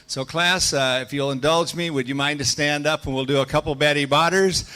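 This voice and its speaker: Midwestern guy running an auction school event, bright forceful voice, lots of uhs and ums. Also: on the high side, fairly even intonation, brisk, smooth. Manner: loud drilled chanting of tongue twisters and number scales; folksy, with many fillers. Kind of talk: welcome speech at an event. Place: hotel event room.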